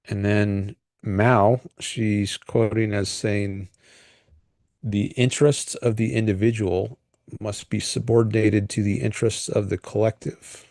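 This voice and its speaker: A man hosting a solo livestream, talking through political ideas in a thoughtful, hesitant way with frequent pauses and restarts. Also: fairly low pitch, steady tone, gravelly, a little mellow, no room sound, studio quality. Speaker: livestream host. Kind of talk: casual solo commentary.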